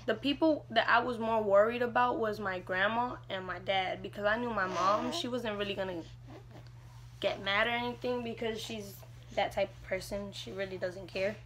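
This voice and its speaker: A woman's voice: mid-range voice, normal speed, background noise. A young woman vlogger casually telling a personal story, chatty and leaning on "like" a lot. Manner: chatty, fills with "like" often.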